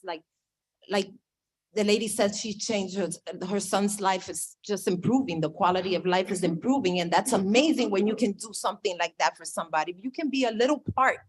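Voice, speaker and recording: A woman speaking excitedly onstage at a business launch event, often repeating her words. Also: medium pitch, fairly quick. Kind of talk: excited stage speech.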